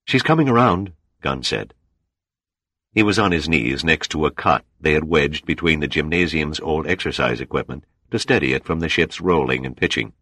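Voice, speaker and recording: A man reading an audiobook as narrator, steady and measured. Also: a bass voice, no room sound. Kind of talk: scripted narration.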